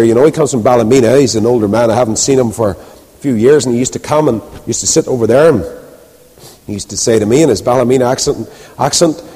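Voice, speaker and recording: A man preaching a sermon, telling stories and asking rhetorical questions. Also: fairly high pitch. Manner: animated storytelling, rhetorical questions, acts out quoted voices. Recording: reverberant hall.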